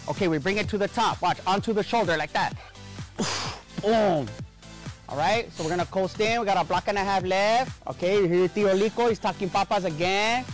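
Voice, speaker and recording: A man's voice: high-pitched, normal speed, soft background music, natural voice. A man playing a streetwise cholo spin-class instructor, coaching in a laid-back, slangy way in a comedy clip. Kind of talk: comedy sketch as a fitness instructor.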